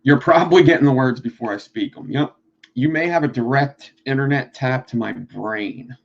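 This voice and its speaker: A man with a Philadelphia accent chats fast and loose on a live stream, swearing freely as he teaches coil building. His mid-pitched voice carries a gravelly fry. The audio is dull and lo-fi. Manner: fast-talking, profane, rambling. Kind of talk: casual live-stream chat.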